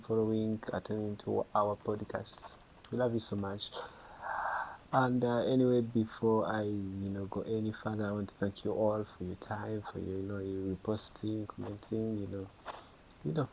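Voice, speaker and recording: A young man with a Ugandan English accent hosts a podcast as a casual monologue to camera, chatty and full of fillers like "you know," acting out little conversations. His voice is on the low side and darkish, with slight background noise and poor audio.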